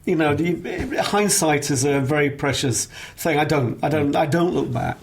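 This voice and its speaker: A man's voice: fairly high pitch, moderate pace, gravelly. A middle-aged Englishman from the north of England, a voice casting director talking frankly and bluntly in a casual interview, laughing often.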